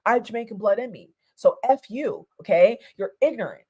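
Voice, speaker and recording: A woman's voice: medium pitch, lively intonation, fairly quick, darkish tone, breathy edge. A woman from Europe giving a heated, casual reaction rant, repeating herself and restarting her sentences, with some swearing. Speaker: vlogger.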